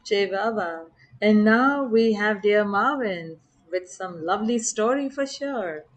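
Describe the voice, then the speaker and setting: A woman's voice: mid-range voice, slow pace. A woman hosting a video call, giving brief, gracious introductions of each speaker. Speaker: host.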